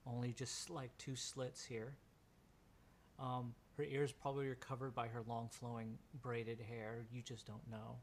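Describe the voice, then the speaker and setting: A man's voice: medium pitch, level tone, a little slow, a little hiss or hum. A man acting as game master, describing scenes in a tabletop game over voice chat, with a lot of filler words.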